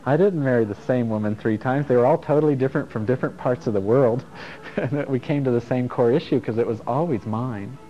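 A man's voice: medium pitch, a little fast. A middle-aged man teaching a casual self-help workshop to a group, frank and playful, swearing and chuckling as he goes. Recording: dull lo-fi recording with faint music.

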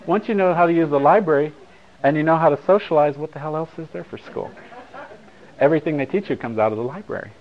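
A man's voice: fairly high pitch, quick pace. Wry, casual man telling a story. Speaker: speaker at a talk. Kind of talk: storytelling talk to an audience. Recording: slightly dull recording.

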